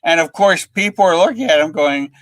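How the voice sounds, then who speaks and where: Older male guest, lively anecdote teller, high bright voice with big swings, dry close mic. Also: a little fast, dry recording. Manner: lively storyteller, acts out voices in quotes. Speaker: comics writer, guest. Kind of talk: animated anecdote telling.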